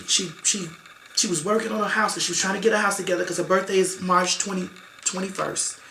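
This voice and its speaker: A woman's voice: on the low side, creaky, pushed and bright, a little hiss or hum. A woman guest in an interview telling a painful family story, emotional and emphatic, often repeating herself and acting out what relatives said. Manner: emotional, repetitive, emphatic, acts out quoted relatives. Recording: echoey room.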